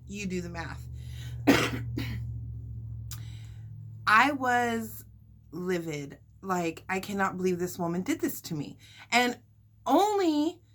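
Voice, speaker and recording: A young woman vlogger telling a story to her viewers in a casual, animated and indignant way. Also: on the high side. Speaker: mukbang vlogger.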